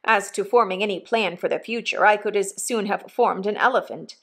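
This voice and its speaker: A woman narrating an audiobook of a classic novel in a measured, even storytelling manner. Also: mid-range voice. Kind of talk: scripted narration.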